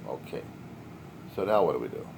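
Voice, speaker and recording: A man's voice: a bass voice, sing-song, brisk, creaky, darkish tone, slight background noise. A man talking alone in a video diary, rambling in a sardonic, wisecracking way. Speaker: video diarist. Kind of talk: rambling personal monologue.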